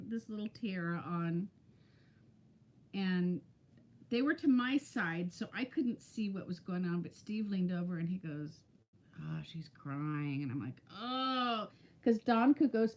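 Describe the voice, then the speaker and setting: A woman's voice: medium pitch, a little mellow. A woman in her fifties chatting casually on a live stream, telling stories and greeting viewers by name. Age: 50s. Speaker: weight-loss vlogger.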